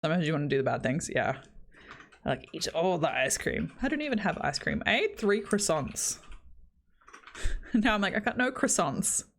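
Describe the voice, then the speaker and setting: A woman's voice: on the low side, animated, normal speed. A young Australian woman streaming, chatting casually with her viewers in a self-deprecating way and laughing often.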